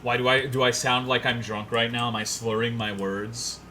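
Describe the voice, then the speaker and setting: A man's voice: mid-range voice, flat delivery, normal speed, pushed and bright, slight background noise. A young man streaming a game, chatting loosely and profanely, rambling and reading chat messages aloud. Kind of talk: casual gaming stream chat.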